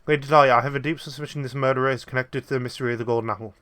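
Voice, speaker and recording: A courteous gentleman professor sleuth from a puzzle game, formal and measured, read by a man. The voice is bright and the pace is quick. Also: mid-range voice, fairly even intonation, close to an everyday voice. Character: calm, polite gentleman professor detective.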